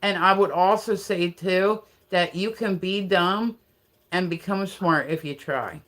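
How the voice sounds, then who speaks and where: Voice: medium pitch, measured pace, fairly bright tone. Livestream host, loose and rambling, heavy on fillers, laughs often. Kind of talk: casual livestream chat.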